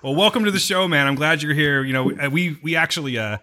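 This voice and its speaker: A man's voice: a little high, brisk, crowd noise. A man hosting a podcast, casual and joking, swearing freely as he welcomes guests. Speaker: podcast host.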